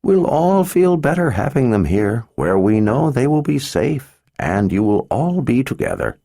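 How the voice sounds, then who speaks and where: A man narrating an audiobook, voicing an old wizard who speaks slowly and gently, brushing off concern. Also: mid-range voice, very animated, creaky, voice pushed up, exaggerated voice. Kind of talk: audiobook character voice.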